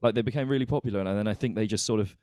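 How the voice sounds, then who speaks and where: A man's voice: lowish voice, rapid-fire, dark tone, dry recording, studio quality. A man hosting a podcast, asking questions in a rambling way that often trails off and restarts. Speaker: podcast host. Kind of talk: casual podcast chat.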